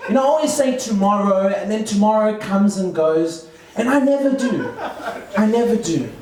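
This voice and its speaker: A man's voice: high-pitched, animated, normal speed. South African man doing stand-up in an echoey club. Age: 30s. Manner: rambling, self-interrupting delivery with many fillers. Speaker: stand-up comedian. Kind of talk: stand-up comedy set. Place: comedy club open mic. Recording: echoey room mic from far off with crowd laughter. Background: audience laughter.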